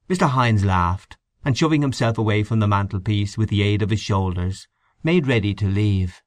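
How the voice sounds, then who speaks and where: A man narrating a short story as an audiobook, in a measured, expressive manner. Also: lowish voice, no room sound.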